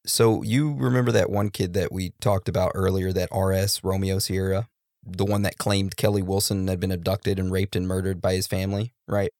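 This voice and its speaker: A man's voice: low-pitched, little pitch movement, normal speed, darkish tone, no echo, studio quality. A man co-hosting a casual true-crime podcast, laid-back with joking asides. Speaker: podcast co-host.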